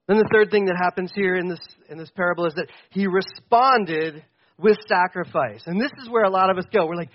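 A young man preaching a sermon from a church stage in a casual, animated way. He swings between loud and quiet and acts out voices in quotes. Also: high-pitched, a little fast, muffled recording. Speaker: pastor.

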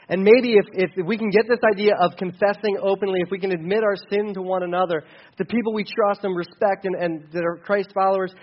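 Man, pastor, preaching, high-pitched, muffled lo-fi sound, swings from loud to soft. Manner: conversational preaching with dynamic rises and drops. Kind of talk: sermon.

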